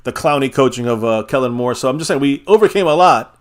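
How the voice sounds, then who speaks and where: A man's voice: mid-range voice, expressive, quick pace. A man hosting a live fan stream, chatting casually and opinionatedly, rambling with restarts and chuckles. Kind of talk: casual sports fan chat.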